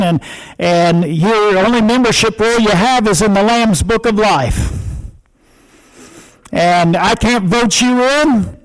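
A man's voice: high-pitched, poor audio. A male pastor preaching a sermon in emphatic, repeated short declarations.

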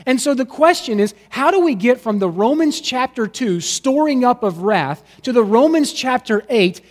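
A male pastor preaching a sermon, swinging between loud emphatic lines and hushed, quiet ones. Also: high-pitched, big-room sound.

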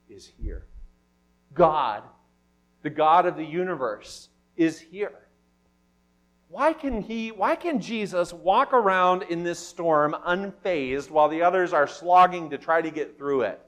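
A male pastor delivers a sermon in a church hall. His voice sits high and swings widely, from hushed, thoughtful lines to loud, pressing questions. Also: a little slow. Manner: animated preaching, rising to loud emphatic questions.

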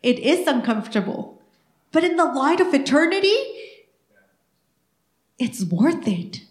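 A woman's voice: high-pitched, unhurried. A middle-aged woman pastor preaching a sermon, telling stories and acting out the dialogue in them. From Mexican heritage. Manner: animated storytelling, acting out dialogue. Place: church sanctuary. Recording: echoey church room.

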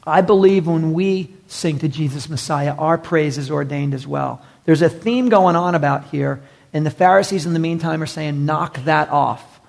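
A man's voice: fairly high pitch, moderate pace, gravelly, darkish tone. A man preaching a sermon in a passionate, conversational way, acting out quotes as he goes.

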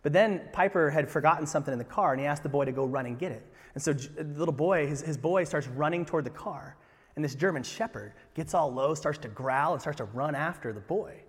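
Male pastor, sermon delivery, lively emphatic peaks, fairly high voice, long hall reverb. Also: fairly quick, breathy edge. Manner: animated, rising to emphatic peaks.

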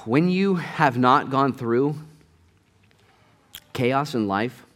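Animated male pastor preaching a sermon. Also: drawn-out words. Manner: animated storytelling with sudden rises in pitch and volume; conversational, addresses the congregation directly.

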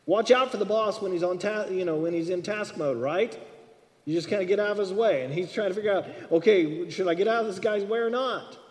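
A man with a high voice preaches in a church, his words ringing out with a long hall reverb. He preaches with animation, acting out little dialogues and swinging between loud and soft. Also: fairly quick. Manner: animated, acts out dialogue with shifts in loudness. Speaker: pastor. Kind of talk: sermon.

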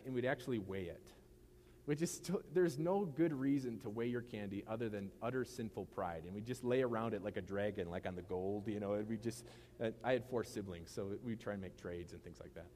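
A middle-aged man preaches a relaxed, joking sermon, slipping into funny asides. His voice sits a little low. A faint hum of room noise lies behind him. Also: a little fast. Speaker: pastor. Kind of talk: casual humorous sermon.

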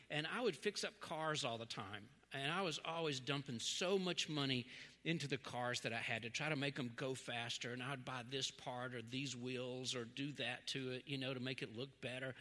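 A man's voice: fairly high pitch, normal speed. A middle-aged man preaching a sermon, telling stories and acting out the voices in them. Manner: animated storytelling, acts out dialogue. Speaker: pastor. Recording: long hall reverb.

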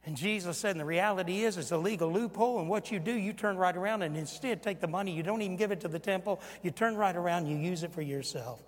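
A man's voice: quick pace, hardly any pauses. Older man preaching in a reverberant hall. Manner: emphatic preaching, voice rising when quoting and dropping low for asides. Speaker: pastor. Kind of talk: sermon.

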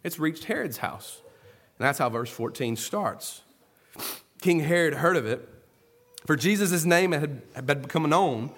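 A man preaching an earnest sermon, moving between soft, low asides and loud, emphatic stresses. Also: expressive, measured pace, long pauses. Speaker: pastor.

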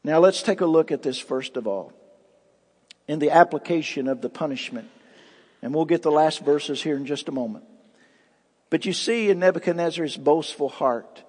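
A man delivers a sermon from the pulpit, his voice sitting a little high for a man. He preaches emphatically, swinging between loud declarations and quiet asides. The sound rings out with a long reverb. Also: normal speed, breathy edge. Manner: emphatic preaching with dramatic rises and drops. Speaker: pastor.

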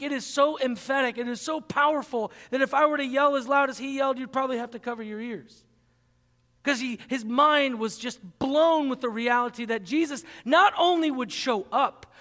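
High bright-voiced man preaching. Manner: emphatic, repeating key phrases for stress. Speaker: pastor. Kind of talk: sermon. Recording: long reverb in a large hall.

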